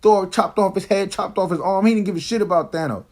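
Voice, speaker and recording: A man with a fairly high voice, talking fast and excitedly in a casual movie review. He retells scenes in loose, slangy speech.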